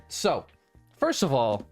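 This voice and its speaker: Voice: medium pitch, wildly swooping pitch, drawn-out words, gravelly, soft background music. Giggly livestream interview host. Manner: giggly, enthusiastic, laughs often. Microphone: headphones with desk mic.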